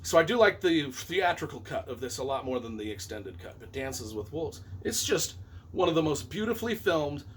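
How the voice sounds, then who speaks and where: A man's voice: fairly high pitch, very animated, normal speed, a little hiss or hum. A middle-aged man, a novelist and movie reviewer, rambling enthusiastically and correcting himself as he counts down his favorite films on camera.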